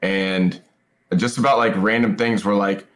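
A man's voice: lowish voice, steady tone, measured pace, fairly bright tone. Profane, rambling man telling a story. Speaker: esports pro player guest. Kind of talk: casual podcast chat.

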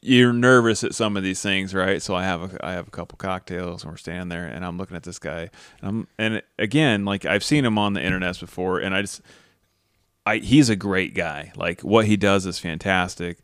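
A low-pitched man chats on a podcast, rambling through self-mocking stories and blunt opinions. His voice sits close and dry, with no room around it. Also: a little fast, a bit bright, smooth, dry recording. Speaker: podcast co-host. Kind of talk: casual podcast chat.

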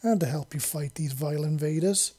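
A proud male alien warrior gives a ceremonious, formal greeting, voiced by a narrator. The voice is mellow and husky, raised in pitch and force for the part. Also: a little fast, natural voice.

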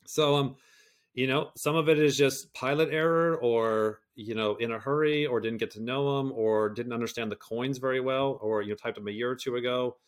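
A middle-aged man talking candidly as an interview guest, swearing freely, rambling and restarting, sometimes rising into animated rants. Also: mid-range voice, normal speed. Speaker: guest, personality system creator.

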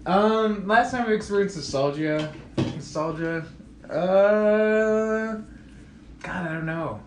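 A man's voice: sits high, slow pace, slight background noise. Hesitant, rambling man in an echoey room. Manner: rambling, laughs often, hesitant. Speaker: podcast co-host. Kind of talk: casual chat.

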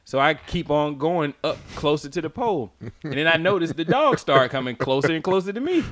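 A man on a casual podcast telling a long personal story, swearing freely, laughing through it and acting out his own shouts. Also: on the high side, lively intonation, brisk. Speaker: podcast co-host.

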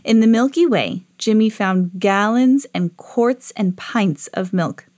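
A woman's voice: medium pitch, takes it slowly, darkish tone, dry recording, clean studio sound. A woman hosting a read-aloud podcast, reading a children's storybook expressively.

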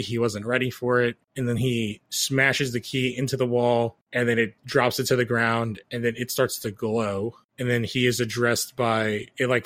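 A man's voice: medium pitch, fairly bright tone, no echo. A man co-hosting a podcast, casually retelling TV episodes in long rambling runs full of fillers. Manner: rambling recap full of "like" fillers, acting out quotes. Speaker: podcast co-host recapping a TV show. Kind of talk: casual chat.

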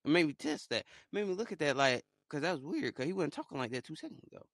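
Young man, solo monologue, rambling and excitable, fairly high voice, dry close mic. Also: fast, vocal fry, no room sound. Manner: rambling, excitable, swings between low mutters and loud outbursts. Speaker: podcaster.

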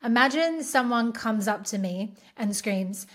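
An Australian woman hosting a podcast, talking in an earnest, encouraging and steady way on her own. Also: a little high, a little slow, hardly any pauses. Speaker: podcast host. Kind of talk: reflective solo talk.

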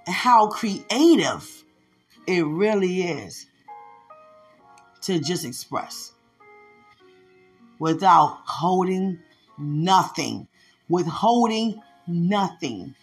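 Husky, laughing woman, drawn-out and playful. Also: lowish voice, very animated, soft background music. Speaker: podcast host. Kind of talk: affectionate casual monologue with prayer.

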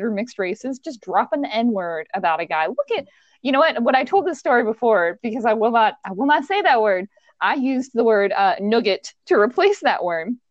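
A woman tells a story in a casual chat, her voice rising and falling with animated swings. She sits a little high in pitch and laughs often between lines. The sound is dry and slightly dull, with no room around it. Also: dry recording.

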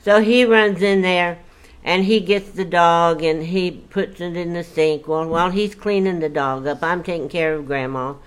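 An older woman spinning a story from her own life in a relaxed, chatty way. She talks in a folksy manner, breaking into exclamations as the story builds. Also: fairly low pitch, moderate pace, clear, resonant tone. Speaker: storyteller guest. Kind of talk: casual storytelling.

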